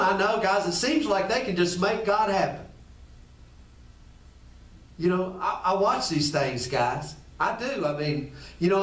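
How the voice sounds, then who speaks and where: A man preaching a sermon as pastor, conversational, repeating phrases and speaking straight to his listeners. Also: sits high. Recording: echoey room, distant from the mic.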